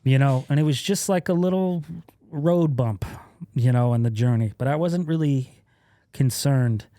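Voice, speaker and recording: A man in his thirties, a podcast guest, telling stories in a casual, profane way, laughing often and acting out loud quotes. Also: mid-range voice, unhurried, no room sound, studio quality. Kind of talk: casual storytelling.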